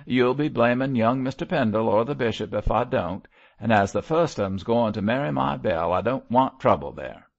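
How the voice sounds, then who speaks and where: A man voicing a surly, defiant prisoner who growls his lines in rough, aitch-dropping speech. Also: mid-range voice, moderate pace, few pauses, close to an everyday voice. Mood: sullen. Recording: muffled lo-fi recording.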